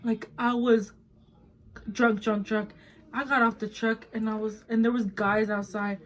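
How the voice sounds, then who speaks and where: A woman's voice: fairly high pitch, level tone, measured pace, slight background noise, low-quality recording. A nineteen-year-old woman vlogger telling a story in casual chat, blunt and swearing a lot, switching between English and Spanish mid-sentence.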